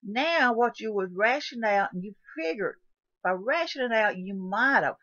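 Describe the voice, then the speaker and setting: A channel host with a slightly high, pushed, bright voice talks in an animated, unhurried way through a what-if survival scenario. Her casual monologue is folksy and repetitive and full of questions aimed at the viewer. The recording is dull, lo-fi, and dry, without room sound.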